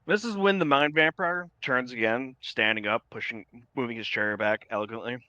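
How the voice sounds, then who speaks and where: A man running a tabletop game as game master, narrating scenes casually with plenty of "like". His voice is bright and the sound is dry and close. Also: medium pitch, moderate pace, clear, resonant tone, no echo, highs cut off. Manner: casual, descriptive.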